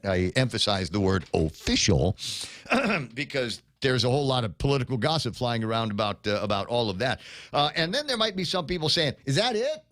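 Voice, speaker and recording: Man, radio talk show host, casual rambling delivery, middle pitch, dry close sound. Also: a bit bright, no room sound. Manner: rambling, with many fillers and restarts, reads listener comments. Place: radio studio.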